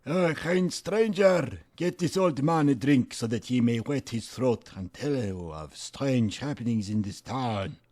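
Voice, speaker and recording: A man's voice: mid-range voice, lively intonation, measured pace, few pauses, darkish tone, voice pushed up. A man doing a drunk old tavern beggar. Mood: grand, knowing. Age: older. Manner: rambling, theatrical and beggarly.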